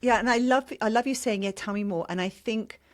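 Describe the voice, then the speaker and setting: A woman's voice: a little high, a little fast. Podcast host woman sharing stories. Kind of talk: podcast interview.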